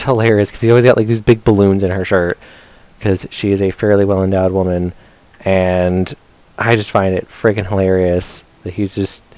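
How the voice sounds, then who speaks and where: A male streamer with a lowish, darkish voice gives casual let's-play commentary while gaming. He's chatty and self-mocking, often speaking to the characters on screen.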